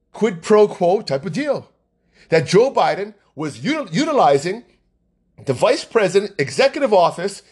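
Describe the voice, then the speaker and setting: Heated male ranter, pitch high, delivery swings wildly. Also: a little mellow. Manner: agitated, ranting, repeats himself. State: angry. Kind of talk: heated political rant.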